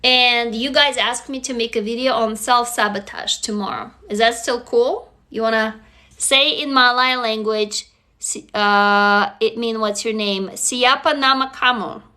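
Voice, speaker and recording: A woman with a Russian accent hosts a casual phone livestream, chatting with viewers. Her voice is slightly high and very bright. She talks freely and swears now and then. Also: fairly even intonation, a little slow. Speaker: livestream host. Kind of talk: casual live-stream chat.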